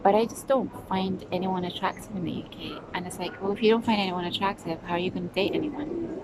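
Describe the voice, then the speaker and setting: Speaking quickly in a fairly low voice, this middle-aged British travel vlogger chats to her phone camera outdoors amid traffic noise. Between laughs she rambles and talks to herself.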